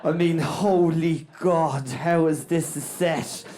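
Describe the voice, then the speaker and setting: A man with an Irish accent doing an animated, rambling stand-up set into a handheld mic in a small venue. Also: a little high, takes it slowly, a little hiss or hum. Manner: animated, rambling, keeps asking "right?". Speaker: stand-up comedian. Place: small comedy venue, indoors.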